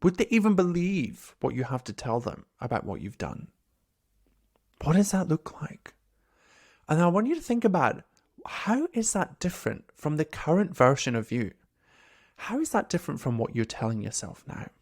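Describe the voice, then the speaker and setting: A man, a coach for nurses giving an earnest, animated motivational talk full of rhetorical questions. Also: on the high side, moderate pace, vocal fry. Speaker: podcast host, nurse coach.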